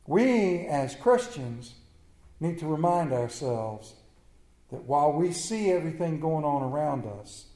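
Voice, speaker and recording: A man preaching a sermon as pastor, impassioned, moving between hushed and emphatic delivery. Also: a little high, expressive, a little slow. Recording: roomy echo.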